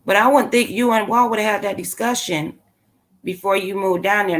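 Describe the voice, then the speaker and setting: A woman talks straight to her live chat as the host of her own channel. Her delivery is blunt and sassy, heavy on slang and strong opinions. Her voice sits at an everyday middle pitch. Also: fairly even intonation, moderate pace. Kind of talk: casual commentary to a live chat.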